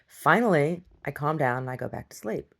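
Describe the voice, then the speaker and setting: A middle-aged woman rambles through a story for her video diary, with a low voice that has a gravelly edge. She laughs often, and her pitch swings up and down a lot as she acts out the people she quotes. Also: animated, a little fast, fairly bright tone.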